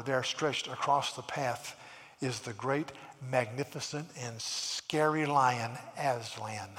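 A man preaching a sermon in a church, animated, often repeating words and acting out the people in his stories. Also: medium pitch, in a large hall. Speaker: pastor.

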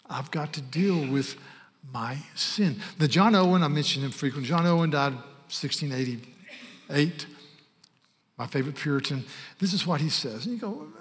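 A man preaching a sermon as a pastor, earnest and emphatic, slowing down to stress key words. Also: on the high side. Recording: long hall reverb.

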